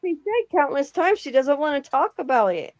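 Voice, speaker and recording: High, lively woman on a dull lo-fi stream. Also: normal speed, no echo. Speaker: livestream guest in clip. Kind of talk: casual livestream chat.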